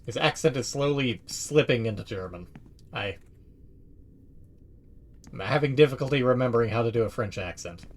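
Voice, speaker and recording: A man's voice: medium pitch, animated, normal speed, long pauses. A man streaming a video game, chatting casually and swearing freely as he rambles. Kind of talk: casual let's-play commentary.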